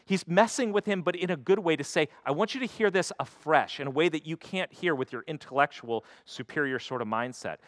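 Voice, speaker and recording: A man's voice: a little high, a little fast, few pauses, fairly bright tone, dry recording. A man preaching a sermon in a conversational way, slipping into quoted voices to act out the stories. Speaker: pastor.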